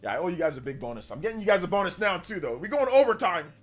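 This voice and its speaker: A man's voice: high voice, big pitch swings, very fast, soft background music. A man hosting a casual live stream, hyped up, reading out and thanking donors as he chats. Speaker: livestream host.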